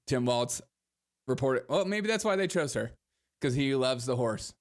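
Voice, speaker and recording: A man's voice: mid-range voice, expressive, normal speed. A young man hosting a comedy show, riffing sarcastically on the news and laughing often. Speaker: podcast host. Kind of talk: comedic political commentary.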